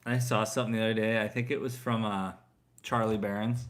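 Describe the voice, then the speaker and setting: A man in his thirties co-hosting a casual live stream. He reads out viewer comments in a relaxed, offhand way and slips in teasing jokes. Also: on the low side, a little fast. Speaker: co-host reading viewer comments. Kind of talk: casual chat.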